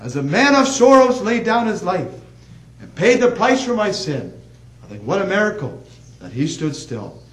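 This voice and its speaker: A man preaching a sermon, swinging between emphatic calls and hushed, soft passages. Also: sits high, big pitch swings, normal speed, low-quality recording.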